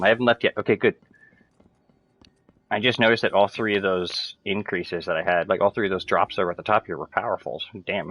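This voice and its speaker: A man's voice: lowish voice, steady tone, a little fast, fairly bright tone, faint music behind. A man chatting casually while playing a video game, rambling with lots of fillers and swearing freely. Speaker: gamer streaming to friends.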